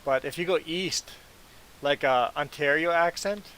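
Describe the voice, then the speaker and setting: A man's voice: a little high, measured pace, fairly bright tone, poor audio. A man hosting a casual gaming livestream, chatting with viewers, laughing often and stumbling through restarts as he explains things. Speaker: livestream host.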